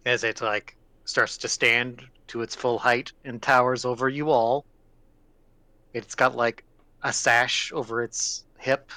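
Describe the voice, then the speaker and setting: A man's voice: mid-range voice, flat delivery, takes it slowly, bright, forceful tone, no echo. A man narrating a tabletop game as game master, describing scenes casually and with many self-corrections.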